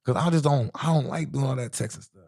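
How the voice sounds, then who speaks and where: His voice is mid-range, creaky and a little mellow, and he talks quickly. A young Midwestern rapper being interviewed, he spins a rambling, profane street tale, again and again adding "you know what I'm saying."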